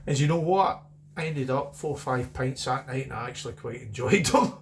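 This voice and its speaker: Middle-aged Scottish man, chatty home beer reviewer, mid-pitched, wanders off on tangents. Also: a little fast, gravelly, a little hiss or hum. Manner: rambling, chatty, repeats himself. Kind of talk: casual beer review vlog.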